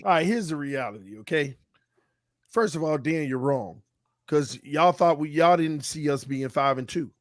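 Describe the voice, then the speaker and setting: A man's voice: on the high side, no echo, clean studio sound. A man, losing his voice, giving an emphatic, slangy take in a casual sports debate as a roundtable panelist. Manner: emphatic, slangy, fast bursts. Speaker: roundtable panelist, team fan.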